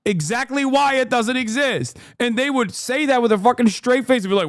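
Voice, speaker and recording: A man's voice: very high-pitched, expressive, fairly quick, few pauses, fairly bright tone, dry recording, clean studio sound. A man giving casual livestream commentary on a debate clip, sarcastic and heated, swearing and laughing often. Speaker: streamer reacting to a debate clip.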